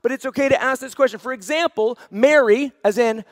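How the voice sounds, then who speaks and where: A man's voice: very high voice, fairly quick, no echo, clean studio sound, big-room sound. A man preaching a sermon as senior pastor, earnest and repeating phrases for emphasis.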